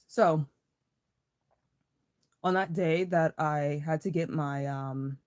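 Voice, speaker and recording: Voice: mid-range voice, slow pace, long pauses, darkish tone. A livestream host in a casual, rambling chat, swearing freely and greeting viewers in chat by name with a playful laugh.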